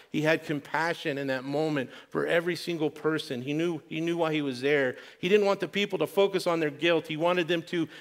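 A man preaching a sermon, earnest, restarting and repeating words, dropping to a hush for quoted prayer. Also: on the high side. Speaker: pastor.

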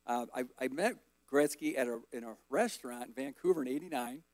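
Man in his fifties, guest speaker at church, rambling folksy storyteller, ordinary pitch. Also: brisk, no room sound. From Colorado, USA. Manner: relaxed, folksy, rambling with fillers. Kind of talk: personal testimony storytelling. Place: church service.

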